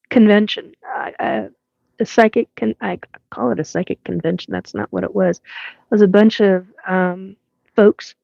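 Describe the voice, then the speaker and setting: A woman's voice: medium pitch, vocal fry, no room sound, lo-fi sound. A woman in her fifties from Washington State with a West Coast accent, hosting a casual live chat, rambling with many fillers and frequent laughs. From Washington State, USA. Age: 50s. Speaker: livestream host.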